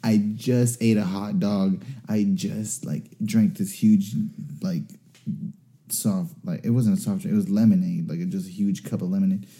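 Young man, very dark mellow tone, profane and self-mocking, casual storyteller. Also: lowish voice, fairly even intonation, moderate pace.

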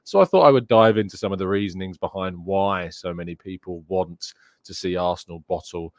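A man's voice: low-pitched, a little fast, no room sound, studio quality. A man hosting a daily football news show, chatting casually through fixtures and reading out viewers' questions, with frequent ums and uhs.

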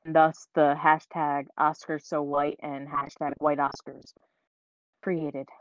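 Low-voiced woman chatting bluntly. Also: little pitch movement, slow pace, dry recording. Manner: blunt, laughs often, swears casually. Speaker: podcast co-host. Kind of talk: casual chat. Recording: dull lo-fi recording.

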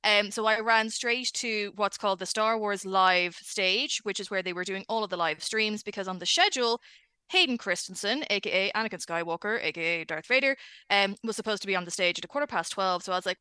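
Irish woman, chatty guest, bright voice, dry close sound, laughs often. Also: medium pitch, brisk, smooth, no echo. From Ireland. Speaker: guest, editor. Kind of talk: casual chat.

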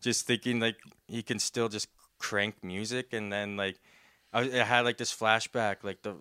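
A man's voice: lowish voice, fairly even intonation, normal speed, pushed and bright, clean tone. A young man telling a story in casual chat, rambling with lots of "like", laughing often and acting out the voices.

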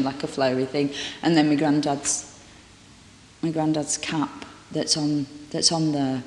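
Woman guest, lower voice, candid rambling talk in a reverberant library room. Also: a little hiss or hum. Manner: chatty, halting, full of restarts and acted-out dialogue. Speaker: actor and guest. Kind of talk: candid conversational interview. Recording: roomy echo with long reverb.

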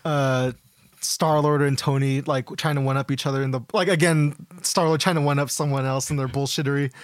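A man co-hosting a podcast, chatting casually about a film, excitable, laughing, and trailing off mid-sentence. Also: mid-range voice, a little fast, no echo, studio quality. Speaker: podcast co-host. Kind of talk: casual movie chat.

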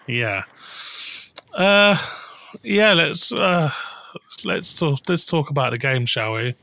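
Brief: man, podcast host, bright and dry close sound, rambling storyteller who restarts sentences and swears casually. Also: a little high, animated, takes it slowly, gravelly, dry recording.

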